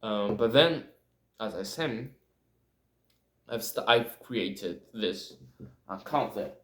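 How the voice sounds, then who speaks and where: Slow, halting man in an echoey room. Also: on the low side, lively intonation, fairly bright tone. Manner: halting, frequent fillers and restarts; learner speaking English as a second language. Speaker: podcast host. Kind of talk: casual solo monologue.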